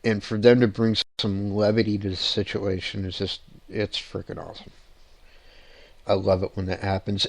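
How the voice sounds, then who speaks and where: Lively low-voiced man telling ghost stories. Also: dry recording. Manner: animated, laughing, rambling with restarts. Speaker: paranormal show host. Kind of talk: casual storytelling on a show.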